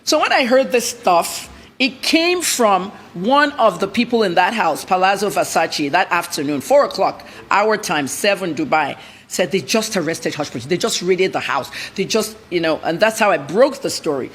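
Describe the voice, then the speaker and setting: A woman journalist, answering TV interview questions in a blunt, rapid, emphatic way. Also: on the low side, expressive, slight background noise. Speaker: journalist guest.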